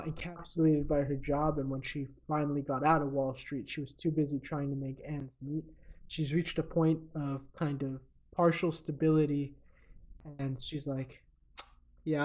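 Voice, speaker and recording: A man with a slightly high, darkish voice co-hosts a comedy podcast, recapping a movie in a rambling, casual style packed with fillers.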